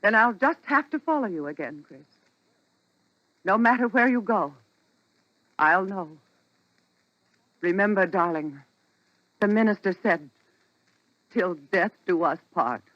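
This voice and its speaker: A woman's voice: mid-range voice, lively intonation, a little slow, pauses often, close to an everyday voice. A woman playing a clinging, possessive young wife in a 1940s radio drama, sweet and pleading. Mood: ominous. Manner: sweet, doting, breathless pleading. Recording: dull old radio broadcast with faint hiss.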